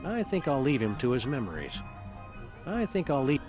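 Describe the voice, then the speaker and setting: A man voicing a calm, upright dog detective in a video game, speaking in polite, measured, wordy phrases. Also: medium pitch. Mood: dry. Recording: game audio under music.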